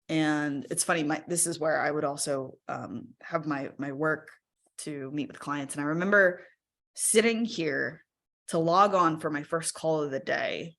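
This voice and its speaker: Over a video call from her home workspace, a woman with a deep, slightly bright voice shares a personal story candidly with a live webinar audience. She speaks conversationally and often checks in with a "right?"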